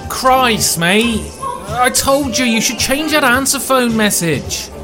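A man voicing a crude, cheerful young Englishman who swears freely, laughs loudly and stumbles over his words in a phone message, raised above his own voice. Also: very high voice, animated, slow, music in the background, voice pushed up, full character voice. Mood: exasperated, chummy. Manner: boisterous, swearing, laughing, stammering restarts. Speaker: character leaving a phone message. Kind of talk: voiced phone message in a solo tabletop game.

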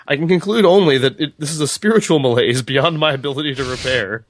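A man's voice: on the high side, fast talker, slight background noise, voice pushed up, natural voice. A man reading aloud as a bored, insane male talking train machine.

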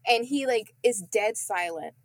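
Young woman telling a profane, animated story. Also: fairly high pitch, unhurried, no room sound. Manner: animated, profane, self-mocking, laughs often. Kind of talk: casual storytelling among friends.

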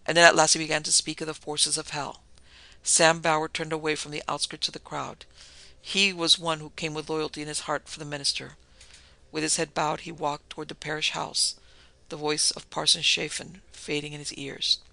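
A man reading a dark tale as narrator in a steady, even way. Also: a little high, normal speed, creaky, dry recording.

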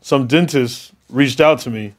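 A man co-hosting a podcast in casual chat, agreeable and filling in with steady yeahs. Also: mid-range voice, a little slow. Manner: agreeable, fills in with "yeah". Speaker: podcast co-host.

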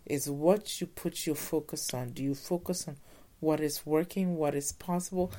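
A woman giving an earnest motivational talk, slowing down to stress her points. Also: low voice, dark tone.

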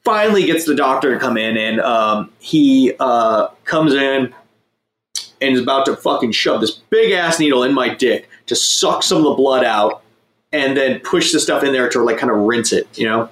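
A man's voice: mid-range voice, lively intonation, moderate pace, a bit bright, roomy sound, a little hiss or hum. A young man telling a crude, rambling story in a casual chat, swearing often and mocking himself. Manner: profane, rambling, self-mocking.

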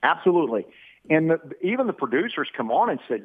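A man's voice: a little high, sing-song, fast talker, breathy edge, dry recording. A male caller on a call-in show, talking in a folksy, rambling way with colloquial turns of phrase. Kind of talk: casual call-in chat. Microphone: telephone. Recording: tinny dry phone line.

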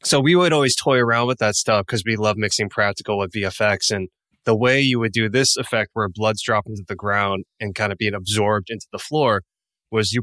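Relaxed man explaining film effects. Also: fairly low pitch, no room sound. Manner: relaxed, explanatory, laughs easily. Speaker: podcast co-host. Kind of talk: casual chat.

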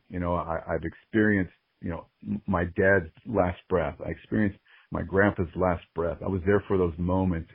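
Earnest low-voiced man, phone-quality audio. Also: breathy edge, dry recording. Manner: earnest and openly emotional, reflective. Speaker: guest, sports ring announcer. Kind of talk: candid podcast conversation. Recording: phone-like narrow-band audio.

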